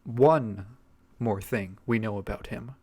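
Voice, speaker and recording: A man's voice: lowish voice, slow pace, loud music behind the voice. Man narrating with dry sarcasm. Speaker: video essay narrator. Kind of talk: scripted narration.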